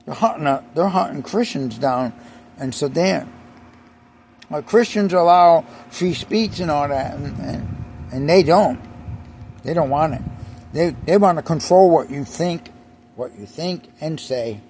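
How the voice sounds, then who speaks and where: A man's voice: a little high, lively intonation, a little slow, darkish tone, a little hiss or hum. A man delivering an emphatic, repetitive ranting monologue, often restarting his sentences.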